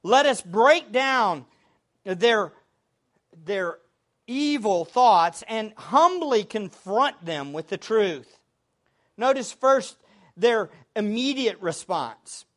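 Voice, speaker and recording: A man preaching a sermon, with expressive delivery, sometimes shouting the quoted words. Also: high-pitched, drawn-out words. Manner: expressive preaching, shouting acted quotes, laughing between points.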